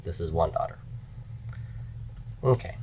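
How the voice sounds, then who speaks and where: A man teaching grammar in a slow, explanatory lecture, repeating key forms as he goes. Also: low-pitched, lively intonation, warm tone, slight background noise. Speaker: Hebrew teacher. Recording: dull lo-fi lecture recording.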